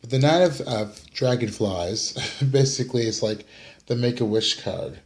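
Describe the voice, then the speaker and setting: A man's voice: medium pitch, measured pace. A tired young man from the United States giving a casual weekly tarot reading, rambling and apologizing for his yawns. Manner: rambling, apologetic, yawning, fillers. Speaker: tarot reader. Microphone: camera mic.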